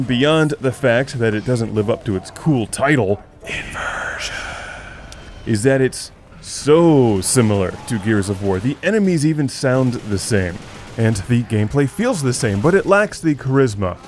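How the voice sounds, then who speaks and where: A man narrating a scripted video game review as the show's host, in a wry tone with dry joking asides. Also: medium pitch.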